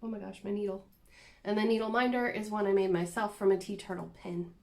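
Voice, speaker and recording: A woman with a mid-range voice talks fast in a casual, self-deprecating show-and-tell, holding her cross-stitch projects up to the camera.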